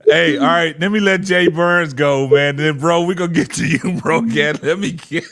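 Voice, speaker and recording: A man's voice: fairly high pitch, normal speed, a bit bright. A man hosting a casual sports livestream, laughing often and reading out super chats. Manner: laughing, repeats "man" and "hold on".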